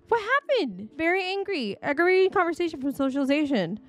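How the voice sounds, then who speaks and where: A woman hosting a gaming video, chatting casually and reacting out loud to what happens on screen. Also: extremely high pitch, sing-song, fairly quick, no echo, soft background music. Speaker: gaming channel host. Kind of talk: casual let's-play commentary. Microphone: desk microphone.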